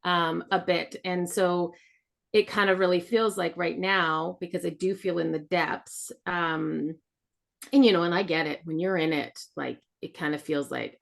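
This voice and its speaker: Low, gravelly woman in candid chat. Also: fairly even intonation, measured pace. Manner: candid, rambling, many fillers. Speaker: podcast co-host sharing her experience. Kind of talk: casual heartfelt chat.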